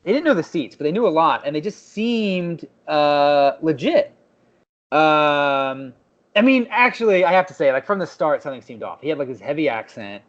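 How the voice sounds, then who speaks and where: Young man, podcast co-host, fairly high voice, animated storytelling, dull lo-fi sound. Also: moderate pace. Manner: animated storytelling, acts out quoted people. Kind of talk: casual chat.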